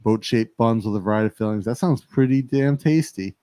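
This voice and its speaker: A man's voice: on the low side, a little fast, warm tone, dry recording. A man co-hosting a casual studio livestream, joking, laughing often and reading viewer comments aloud. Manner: joking, laughs often, mimics accents in quotes. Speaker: livestream co-host.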